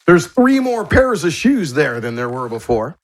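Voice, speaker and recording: A man running a tabletop game as game master, narrating the scene in a steady, matter-of-fact way. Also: fairly high pitch, moderate pace.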